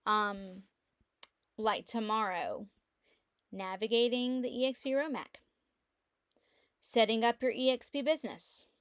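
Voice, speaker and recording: A middle-aged woman, chatting casually from home through her computer mic as she walks through an online office, with animated storytelling. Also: on the high side, unhurried, pauses often, clear, resonant tone, no room sound, studio quality. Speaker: real estate agent. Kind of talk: casual screen-share walkthrough. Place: quiet room at home.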